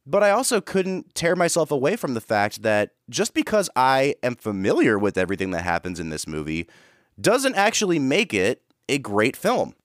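A man's voice: medium pitch, wildly swooping pitch, moderate pace, no echo, studio quality. A man co-hosting a film podcast, talking in an earnest, reflective way with frequent restarts. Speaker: podcast co-host. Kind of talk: casual film review chat.

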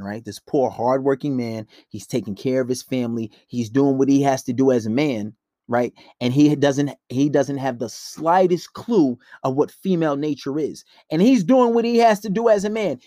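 A man's voice: mid-range voice, moderate pace, warm tone, no room sound, clean studio sound. A man giving blunt, profane dating advice in a casual monologue, acting out quoted dialogue between couples.

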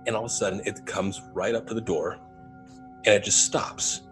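Music plays as a young man with a low voice speaks at normal speed, casually sharing his ghost story as a paranormal investigator. He brings the quoted lines to life with animated delivery and laughter.

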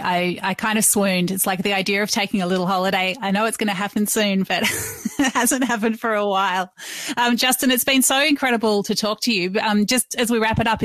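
Woman, podcast host, mid pitch, dry recording, friendly, appreciative. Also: a bit bright, no echo. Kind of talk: interview hosting.

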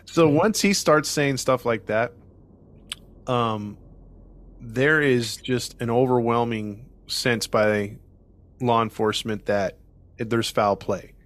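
Male podcast host, casual and animated storyteller, mid-range voice. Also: medium pitch, slow pace. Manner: animated, acts out quoted people. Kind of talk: casual true-crime storytelling. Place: Colorado.

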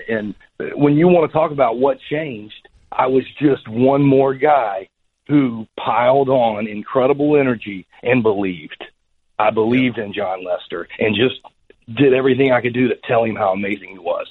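A man's voice: medium pitch, husky. A man, a former ballplayer, telling a long story as an interview guest, rambling with many restarts. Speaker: former baseball pitcher, guest. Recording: tinny phone-line radio audio.

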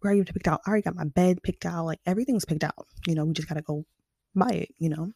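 A woman's voice: lowish voice, very fast, vocal fry, dark tone, husky. A young woman from Kansas City chatting frankly to her viewers, full of fillers. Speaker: vlogger. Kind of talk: casual storytelling to camera.

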